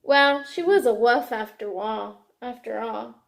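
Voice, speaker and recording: A woman reading a picture book aloud to children, expressive and stopping to ask her listeners questions. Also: fairly high pitch, unhurried, gravelly, echoey room, slight background noise. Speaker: reader to children.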